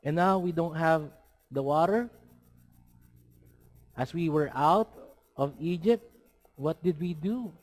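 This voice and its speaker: A man's voice: a little high, slow, long pauses. A man preaching a sermon, asking his listeners rhetorical questions and dropping in Tagalog words.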